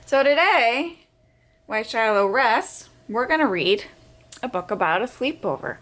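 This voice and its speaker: Slow, expressive storytime woman. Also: on the high side. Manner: slow, expressive, sound effects. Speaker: storyteller host. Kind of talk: children's read-aloud.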